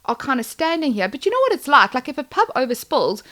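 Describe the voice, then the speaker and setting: A lively South African woman co-hosting a podcast chats casually in a high voice, talking fast. She tells stories animatedly and acts out the quotes.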